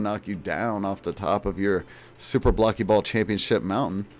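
A man's voice: on the low side, moderate pace. Boastful man in mock-serious streamer patter. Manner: jokey slang-filled patter. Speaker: gaming video creator. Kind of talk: parody streamer commentary over gameplay.

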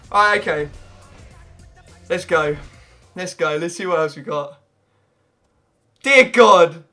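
A young man, giving excitable pack-opening commentary on a video game, breaking into loud shouts and laughter. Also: high-pitched, unhurried, long pauses, soft background music. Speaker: gaming video creator.

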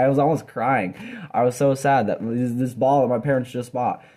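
Young man, earnest devotional talk, dorm room, rambling with restarts, warm mellow tone. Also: medium pitch, fairly even intonation, a little fast. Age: young adult. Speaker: Bible college student sharing a devotional video. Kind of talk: casual devotional talk to camera.

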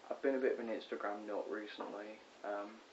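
Excitable teenage boy rambling in his bedroom. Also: fairly low pitch, brisk. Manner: rambling, excitable, chatty, many ums and self-corrections. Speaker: vlogger. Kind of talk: casual rambling vlog. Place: bedroom at home. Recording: dull lo-fi with faint hiss.

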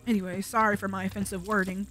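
A woman's voice: medium pitch, fairly bright tone. A woman giving casual let's-play commentary, joking bluntly and sarcastically with heavy profanity and rambling asides to viewers. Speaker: gaming commentator.

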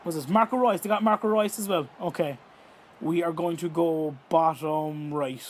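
A young Irish man giving live, excitable commentary on a football video game, swearing and shouting at the action. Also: fairly high pitch, moderate pace, a little hiss or hum. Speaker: gaming YouTuber.

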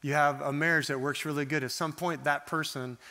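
A man preaching a sermon in a conversational, animated way, acting out the voices he quotes. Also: on the high side, brisk. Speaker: pastor.

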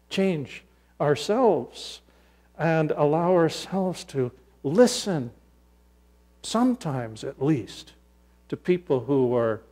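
Slow-spoken pastor, storytelling. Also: male voice, a little high. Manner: storytelling, animated, acts out voices. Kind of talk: sermon.

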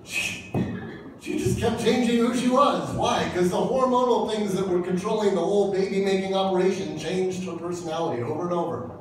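A man's voice: sits high, fairly quick, a crowd in the background. A man in his fifties, a pastor giving a humorous sermon and acting out little dialogues in different voices. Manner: jokey, acts out dialogue in voices. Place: church hall. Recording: very echoey hall from far off.

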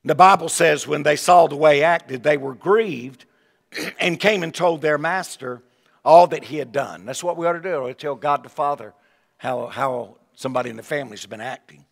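Folksy preacher in a reverberant hall. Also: male voice, fairly high pitch, moderate pace, gravelly. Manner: folksy, animated preaching with asides and repeated words. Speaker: evangelist preacher. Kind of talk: revival sermon. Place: large church sanctuary.

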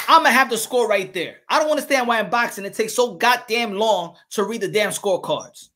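A man calling a boxing fight live as channel host, excitable, repeating his calls and swearing. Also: sits high, fairly quick, few pauses.

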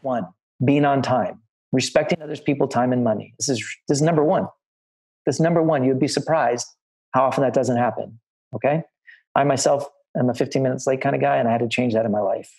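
A man's voice: mid-range voice, a little fast, darkish tone, breathy edge, low-quality recording. A middle-aged man, a line producer, telling film-set stories to students on a video call, rambling and restarting often. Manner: anecdotal and rambling, with many restarts. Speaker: line producer giving career advice.

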